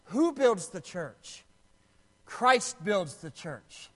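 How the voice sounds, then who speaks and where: A man's voice: high-pitched, big pitch swings, very slow, big-room sound. A man preaching a sermon as pastor, emphatic and asking questions of the congregation.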